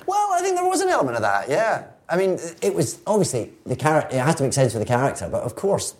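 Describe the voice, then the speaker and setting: A man's voice: on the high side, huge pitch swings, fast. A Scottish man, a guest actor, talking reflectively and wryly in a casual interview. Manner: reflective, wry and playful.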